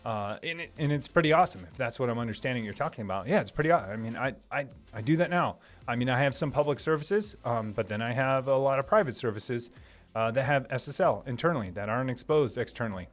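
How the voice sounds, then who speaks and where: A man's voice: medium pitch, lively intonation, fast. A man with a Minnesota accent chats casually on a live stream. He is upbeat and often restarts his sentences. Faint music plays underneath. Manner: enthusiastic, lots of fillers and restarts. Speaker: streamer host answering chat; software engineer.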